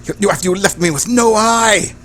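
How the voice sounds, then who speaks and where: A man's voice: high-pitched, a little fast, a bit bright, faint music behind, voice pushed up. A man voicing a vengeful one-eyed male gang boss in a tabletop game, snarling threats. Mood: menacing.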